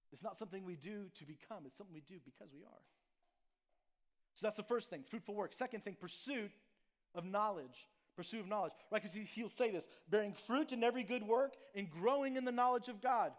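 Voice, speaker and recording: High-voiced man preaching conversationally. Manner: conversational preaching with frequent "right?" and restarts. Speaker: pastor. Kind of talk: sermon.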